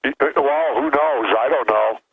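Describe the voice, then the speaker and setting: Brief: plainspoken male guest, mid-pitched, phone line with crackling interference. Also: moderate pace, creaky, slightly rough. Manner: blunt, plainspoken.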